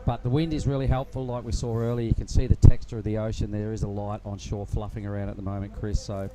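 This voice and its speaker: A man commentating live surfing in a relaxed, rambling way. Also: fairly low pitch, quick pace, very noisy. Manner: relaxed, rambling, many fillers. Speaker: surf commentator.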